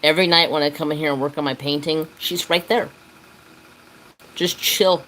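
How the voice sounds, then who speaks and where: A man's voice: on the high side, steady tone, normal speed, pauses often, bright, forceful tone, low-quality recording. A man hosting a casual crafting livestream from his home craft room, rambling loosely and swearing now and then.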